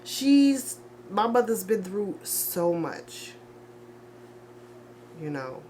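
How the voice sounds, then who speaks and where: A grieving young woman in a confessional vlog, speaking in halting, repetitive bursts with heavy sighs and restarts. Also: mid-range voice, very animated, background noise. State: grieving, low and emotional. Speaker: vlogger.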